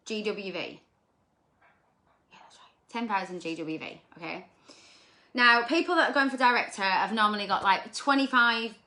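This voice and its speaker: A woman giving an energetic motivational talk to her sales team, repeating points and checking in with "okay?". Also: mid-range voice.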